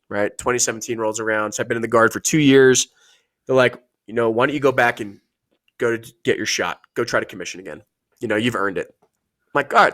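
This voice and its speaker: A man, a podcast guest, telling casual, profane stories about his military service and acting out the people he quotes. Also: mid-range voice. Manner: profane, animated storytelling with acted-out quotes. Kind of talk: casual storytelling.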